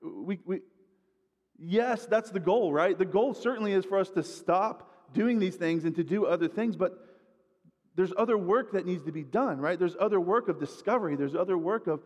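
Conversational preacher in an echoey hall. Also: male voice, sits high, darkish tone. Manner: conversational, repeats words while building points. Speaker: guest preacher. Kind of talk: sermon.

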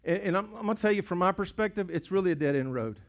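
A male pastor, preaching a sermon in a church sanctuary, building from hushed asides to shouted repeated lines. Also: sits high, expressive, quick pace. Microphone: pulpit mic.

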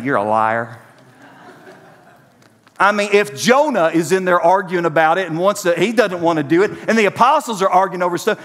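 Animated preacher in echoing church. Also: male voice, a little high, brisk. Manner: animated, preacherly, addresses congregation directly. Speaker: pastor. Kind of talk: sermon.

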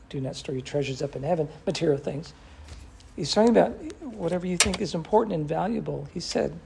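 A man leads a Bible study in a gravelly, husky voice. He quotes scripture with animation and keeps turning to his class with questions. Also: fairly high pitch, dark tone. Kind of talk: interactive Bible study teaching.

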